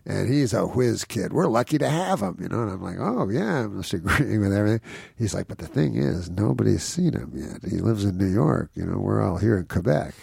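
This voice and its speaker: A man's voice: on the low side, expressive, fairly quick, gravelly, darkish tone, breathy edge, no echo, studio quality. A man, a guest comedian, telling a rambling anecdote, chuckling often and mimicking the people in it. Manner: meandering storyteller, chuckles often, mimics people in his stories.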